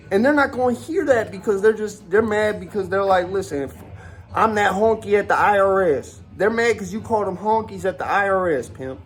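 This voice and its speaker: A man, a former wrestler ranting casually on a podcast, profane and rambling with lots of fillers. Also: high-pitched.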